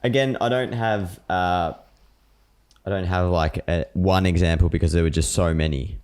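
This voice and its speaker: A man's voice: sits low, steady tone, normal speed, a little mellow, clear, resonant tone. A man co-hosting a casual chat podcast, blunt and sweary as he rants. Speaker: podcast co-host.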